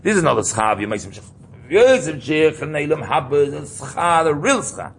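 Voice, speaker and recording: A man's voice: on the high side, animated, fairly quick, vocal fry, a little hiss or hum. A man teaching an informal Torah class, explaining ideas while he thinks aloud and repeats key terms.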